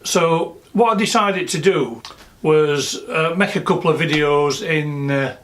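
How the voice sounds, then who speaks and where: A vlogger from Sheffield with a Yorkshire accent, chatting casually and rambling with many fillers and restarts. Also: male voice, a little high, measured pace, fairly bright tone, slight background noise. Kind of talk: casual vlog chat. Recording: music playing behind.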